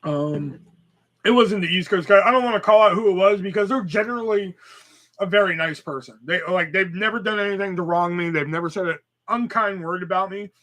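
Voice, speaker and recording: A man's voice: sits high, fairly quick, a bit bright. A young man hosting a live podcast, telling rambling, profane stories in casual chat and acting out the dialogue. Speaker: podcast host.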